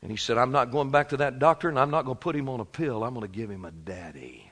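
A man's voice: medium pitch, lively intonation, fast talker. Preaching man in a reverberant hall. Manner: swings from quiet storytelling to shouted preaching. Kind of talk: sermon.

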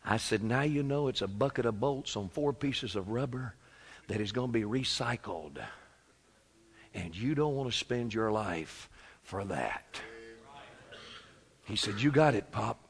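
A man in his fifties preaching a sermon, moving from quiet storytelling to shouted exhortation. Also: lowish voice, lively intonation, measured pace, long pauses. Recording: long hall reverb.

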